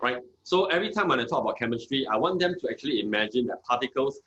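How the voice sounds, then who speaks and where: A man who is a chemistry teacher, explaining in a measured way with frequent fillers. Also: mid-range voice, expressive, fairly bright tone, dull audio, slight background noise. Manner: measured, many "uh" and "okay" fillers. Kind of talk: conversational explanation.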